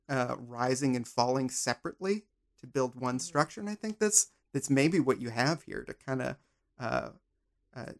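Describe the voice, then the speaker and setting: Gravelly man in rambling casual chat. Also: mid-range voice, fairly bright tone. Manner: rambling, playful, musing. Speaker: podcast host. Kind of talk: casual conversation.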